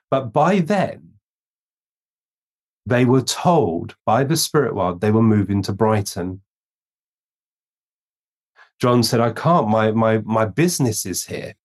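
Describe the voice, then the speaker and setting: A man telling a long personal story in an interview, taking his time and lifting his voice to act out the people he quotes. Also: on the low side. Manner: slow, unhurried storytelling, acting out quoted voices. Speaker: guest medium telling a story.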